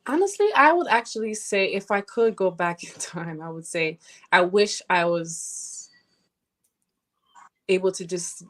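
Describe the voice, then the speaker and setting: Young woman from nigeria on a podcast, kinda low voice, thoughtful, lots of "you know what i'm saying". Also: animated, a little slow, a bit bright. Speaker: podcast guest. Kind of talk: casual podcast conversation.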